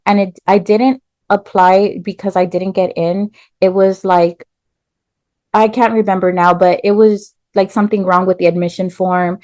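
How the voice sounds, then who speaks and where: A woman tells her own story as a podcast guest, animated, with lots of "like" and "um" fillers. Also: mid-range voice, moderate pace, no room sound. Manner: animated storyteller, acts out quoted voices, many "like" and "um" fillers. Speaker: podcast guest, nurse and business owner. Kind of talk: casual storytelling interview.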